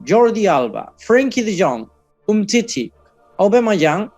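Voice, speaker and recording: A man's voice: high-pitched, sing-song, measured pace, darkish tone, faint music behind. A man from Catalonia, chatting casually about football news, often hesitating and correcting himself.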